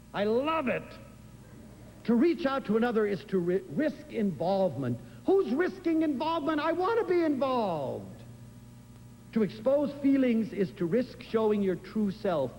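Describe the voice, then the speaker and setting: An older man giving an inspirational lecture, telling stories in an animated, expressive way. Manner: expressive, animated storytelling with big swings in pitch. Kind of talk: inspirational lecture to a live audience. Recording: live lecture in a hall with faint room noise.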